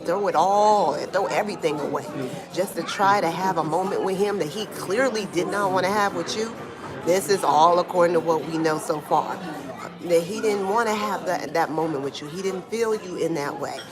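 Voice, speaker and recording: A woman giving casual live-stream commentary from home in Brazil, talking in a slangy, animated way and answering chat comments, with a small clip-on mic. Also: fairly low pitch, normal speed, a crowd in the background. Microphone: small clip-on microphone being tested. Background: Brazilian music playing.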